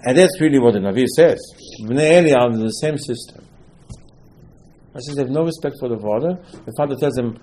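A man's voice: mid-range voice, a little fast, dark tone, a little hiss or hum, low-quality recording. A man teaching a Torah lesson as a sermon, telling the stories with animation and acting out the dialogue in loose, non-native English full of Hebrew terms. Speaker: religious teacher.

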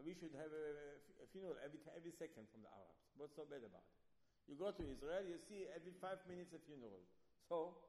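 A man teaching Torah in an animated, emphatic way, firing rhetorical questions and mixing in Hebrew terms. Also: fairly high pitch, in a large hall.

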